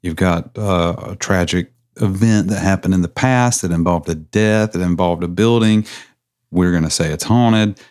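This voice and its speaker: A man's voice: sits low, normal speed, a little mellow. A man co-hosting a podcast, making laid-back, joking comments in casual chat. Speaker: podcast co-host.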